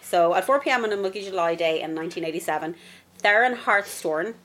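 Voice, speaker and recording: A woman's voice: fairly low pitch, fast talker, fairly bright tone, slight background noise. A woman co-hosting a podcast, reading a case from notes with giggly asides. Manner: giggly, loose, reads from notes. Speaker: podcast co-host. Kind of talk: casual chat and story narration.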